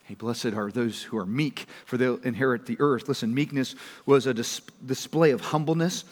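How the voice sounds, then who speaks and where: Conversational pastor preaching in a reverberant hall. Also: male voice, medium pitch, moderate pace. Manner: conversational, swings from loud to hushed. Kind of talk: sermon.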